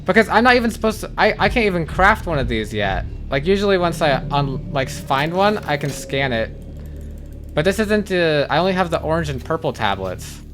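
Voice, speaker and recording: A man's voice: on the high side, sing-song, moderate pace, a bit bright, faint music behind. A man giving blind playthrough commentary on a game, jumpy and swearing, who repeats panicked phrases over and over. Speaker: gaming channel host.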